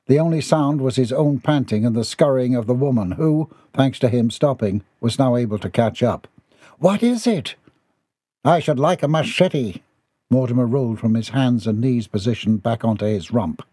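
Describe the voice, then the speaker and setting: A man narrating a comic novel for an audiobook in an expressive, playful way. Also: mid-range voice, husky, dry recording, studio quality.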